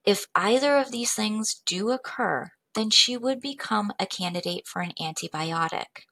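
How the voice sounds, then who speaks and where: A woman presenting a medical case study in a measured, clinical way. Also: mid-range voice, expressive, a bit bright. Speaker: medical educator.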